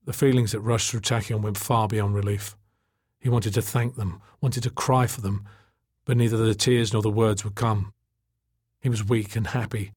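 A man narrating an audiobook in a measured, dramatic storytelling manner. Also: fairly low pitch, fairly even intonation, a little mellow, husky, no echo, clean studio sound.

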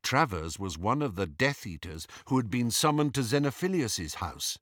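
A man narrating an audiobook in an expressive, storytelling manner. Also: medium pitch, moderate pace, no echo, clean studio sound.

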